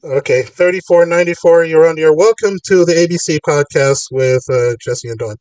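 A man's voice: fairly high pitch, fairly quick, a little mellow, no room sound, far from the mic, low-quality recording. A man hosting a call-in podcast, arguing his points in long rambling runs. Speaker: podcast host. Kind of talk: casual call-in talk.

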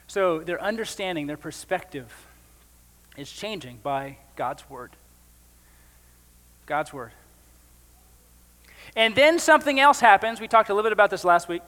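A man's voice: high voice, animated, a little slow, pauses often, pushed and bright, in a large hall. A male pastor preaching a sermon in a conversational way, with joking asides.

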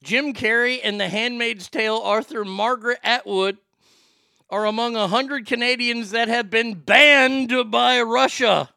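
Podcast host, man, high gravelly voice, mocking comedic delivery. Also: fairly even intonation, a little slow, dry recording. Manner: loud, mocking, laughs at his own jokes. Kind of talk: casual comedic commentary.

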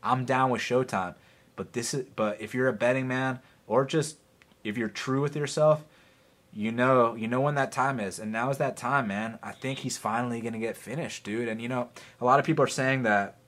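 An excitable man chats about upcoming fights in a loose, profane podcast style. His voice sits at a middling pitch and he leans hard into his points, swearing freely as he argues his picks. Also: fairly quick. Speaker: podcast co-host. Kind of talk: casual fight-betting chat.

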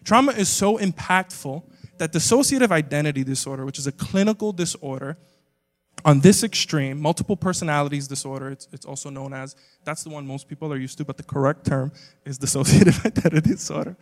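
A young male pastor with a fairly high voice preaches in a casual, chatty way, leaning on "like" constantly. He drops quiet, then surges loud for emphasis. His voice rings with the long reverb of a big church hall. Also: fairly quick. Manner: casual and conversational, peppered with "like"; swings between quiet and loud emphatic bursts. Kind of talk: sermon. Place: live church auditorium with an audience.

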